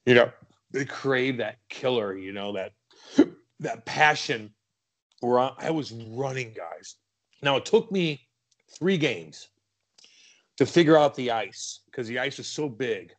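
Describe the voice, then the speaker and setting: A man from the American Midwest, a former hockey player telling stories as a guest in a casual interview, swearing freely and acting out his own past shouts. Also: medium pitch, expressive, a little slow, pauses often.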